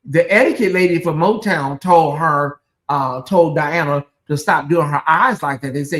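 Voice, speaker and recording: A sassy live commentary host who chats straight to viewers like old friends, tossing in "honey" and "girl." The voice sits at a middling pitch, jumping up for loud exclaims and dropping low for quick asides, all in a gossipy, animated delivery. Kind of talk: live reaction commentary, reading chat comments.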